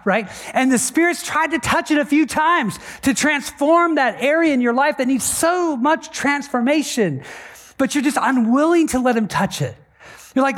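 A man's voice: extremely high pitch, lively intonation, moderate pace, a bit bright. Conversational man preaching a sermon. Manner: conversational, acts out quoted voices, frequent "right?". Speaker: pastor.

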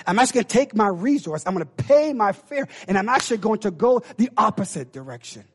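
A man preaching a sermon to a church, lively and dramatic, acting out the voices of the figures in his story and rising at times to a shout. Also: high voice, quick pace, slightly rough. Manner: animated, acts out biblical voices, builds to shouts. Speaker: pastor.

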